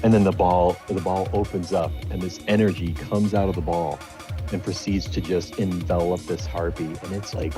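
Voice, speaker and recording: A man's voice: low-pitched, steady tone, moderate pace, warm tone, faint music behind. A man narrating as game master of a tabletop game, rambling with many fillers.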